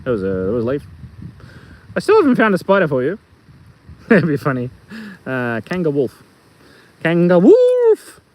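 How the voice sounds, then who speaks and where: Out in the bush, a middle-aged Australian man rambles playfully on a live stream shot on his phone, joking and reading the chat aloud. His mid-range voice swings hugely in pitch at a moderate pace, and he pauses often. The recording is rough.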